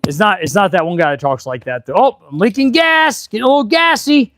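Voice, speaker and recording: Excitable middle-aged mechanic, very animated. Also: male voice, high voice, a little fast, no echo, clean studio sound. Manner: chatty, excitable and rambling, with sudden loud outbursts. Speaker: auto mechanic and channel host. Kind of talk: casual live-stream chat while working. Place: auto repair garage.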